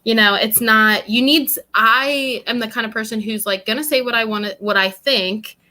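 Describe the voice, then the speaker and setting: Her voice sits a little high, bright and pushed, at a normal speed. This young New Yorker co-hosts a podcast and keeps the chat casual, talking bluntly, wandering off on tangents and laughing a lot.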